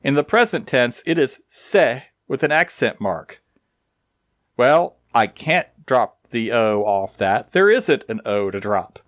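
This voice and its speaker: A man explaining grammar in a slow, deliberate recorded lesson, with touches of dry humor. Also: medium pitch, fairly bright tone, dry recording. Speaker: Spanish teacher.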